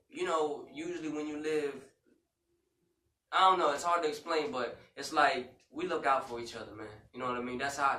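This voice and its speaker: A man with a bright, forceful, medium-pitched voice co-hosts a casual talk show podcast, emotionally retelling a frightening story heavy on "you know" and "man" fillers. Echo fills the room, background noise is faint, and he's far from the mic.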